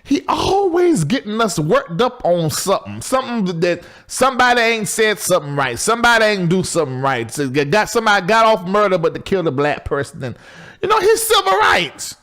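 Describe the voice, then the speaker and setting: Middle-aged man, talk show host, lively high pitch, casual monologue. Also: brisk. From Southern US. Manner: loose, chatty and animated, swings between high exclaims and low asides.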